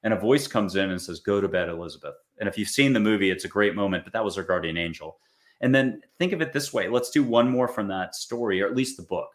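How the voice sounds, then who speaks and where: A man's voice: lowish voice, lively intonation, fast talker. A man from the United States giving a casual spiritual talk to an audience, chatty and acting out little quoted voices. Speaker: spiritual speaker.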